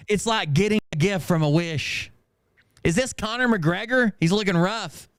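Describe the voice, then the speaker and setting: A man's voice: sits high, unhurried, gravelly, a bit bright, no echo, studio quality. A man hosting a stream, reading viewer comments aloud in casual, mocking commentary and laughing often.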